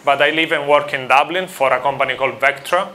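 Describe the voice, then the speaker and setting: A man's voice: medium pitch, fast talker, bright, forceful tone, a little hiss or hum. Italian-accented man giving a tech talk. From Italy. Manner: friendly, asks the audience questions. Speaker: conference speaker. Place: conference room with audience.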